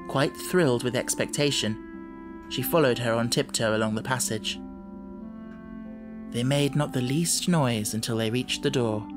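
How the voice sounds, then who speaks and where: An audiobook narrator, a man with a mid-range voice, reads aloud from a script in a measured storytelling manner.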